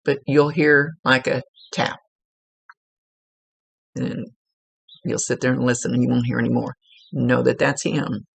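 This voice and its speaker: Gravelly-voiced woman giving a psychic reading. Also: very deep voice, level tone, a little slow, long pauses, dry recording. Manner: informal, rambling, with many fillers and restarts. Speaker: psychic medium. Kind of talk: one-on-one spiritual reading. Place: at home, seated.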